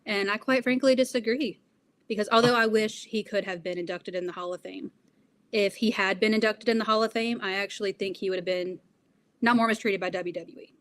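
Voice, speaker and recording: A woman's voice: medium pitch, a bit bright. A young woman being interviewed, answering in an earnest, reflective way with frequent fillers. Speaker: interview guest.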